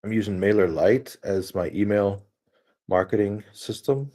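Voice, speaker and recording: A man with a low, dark voice talks his way through a casual screen-share walkthrough. He rambles and thinks aloud, full of fillers and restarts. His tone is mellow and a little husky. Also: unhurried. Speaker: solo streamer.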